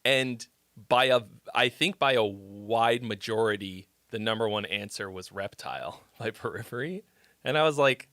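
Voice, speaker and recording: A man's voice: fairly low pitch, animated, normal speed, pushed and bright, no echo, clean studio sound. A man hosting a live stream where he critiques fans' songs, chatting loosely, swearing and reacting on the fly. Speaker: livestream host critiquing fan songs. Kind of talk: casual live-stream chat.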